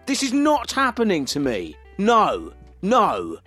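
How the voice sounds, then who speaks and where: A man playing a furious, betrayed schoolboy who rants and shouts. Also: high-pitched, wildly swooping pitch, slow, husky, soft background music, exaggerated voice. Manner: shouting, ranting.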